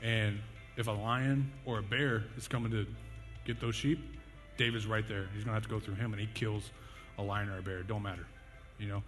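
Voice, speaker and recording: Brisk and steady in tone, the young preacher's voice sits on the low side yet sounds fairly bright. His casual sermon is jokey and self-deprecating, built on stories, fillers and laughs. A long hall reverb and faint music accompany him.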